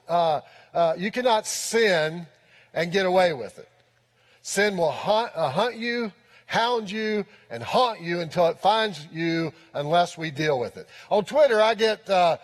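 A man with a high voice preaching a sermon with emphasis and repeating his points for weight. He is recorded in a church with a long, lingering reverb. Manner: emphatic, repeats key phrases. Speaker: pastor.

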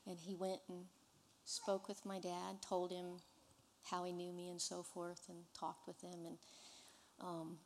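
A woman giving an earnest personal testimony in church, telling her story in an unhurried way. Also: on the low side, monotone, a little mellow, long reverb tail, a little hiss or hum.

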